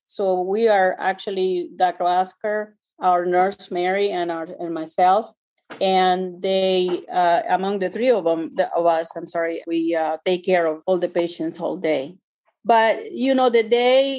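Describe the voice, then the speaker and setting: A woman physician answering interview questions in a conversational way, pausing often and searching for words. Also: medium pitch, darkish tone. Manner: hesitant, searching for words with many fillers. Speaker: physician guest.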